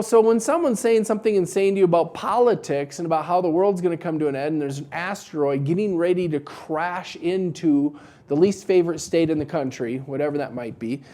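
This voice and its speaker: A man with a mellow, warm voice talks casually to camera, giving business advice with a wry, joking edge. He tells animated little stories to make his point. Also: sits high. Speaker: business coach for dental practices.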